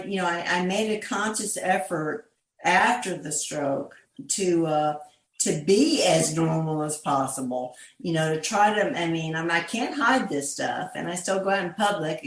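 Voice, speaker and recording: A middle-aged woman hosting a casual chat, speaking haltingly with restarts. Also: lowish voice. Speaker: host. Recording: roomy echo.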